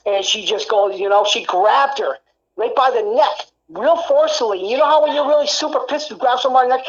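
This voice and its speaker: Angry, foul-mouthed woman in a muffled lo-fi home recording, voice sits high. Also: brisk. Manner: angry, profane venting, many fillers. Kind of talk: casual recorded conversation.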